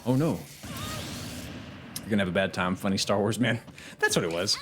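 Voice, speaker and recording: A man's voice: lowish voice, brisk, music in the background. A man streaming a fighting game, chatting casually with viewers and trash-talking his opponents with plenty of swearing. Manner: excitable, profane trash talk to chat. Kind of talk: casual live-stream gameplay commentary.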